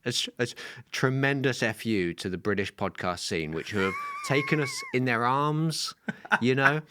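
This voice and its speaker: A man co-hosting a comedy podcast, teasing and laughing in animated banter. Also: medium pitch, normal speed, noisy background. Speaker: podcast co-host. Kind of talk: casual comedy chat.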